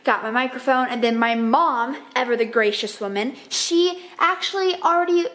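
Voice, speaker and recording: High-voiced chatty young woman vlogging. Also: moderate pace, fairly bright tone. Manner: chatty, self-correcting, bubbly. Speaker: vlogger and co-writer of a book. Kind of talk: casual vlog diary. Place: at home.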